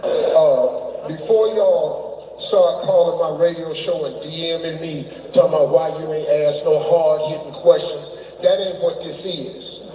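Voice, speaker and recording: Brief: high-voiced male radio host, lecturing, distant in a reverberant hall. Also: unhurried, darkish tone. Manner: confident, lecturing. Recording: echoey hall from far off with crowd.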